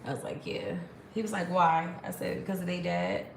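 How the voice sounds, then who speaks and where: A woman's voice: fairly low pitch, very animated, a little fast, gravelly, a little mellow, reverberant, a little hiss or hum. A woman in her thirties chatting casually to a phone camera, rambling and laughing often. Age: 30s. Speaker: vlogger.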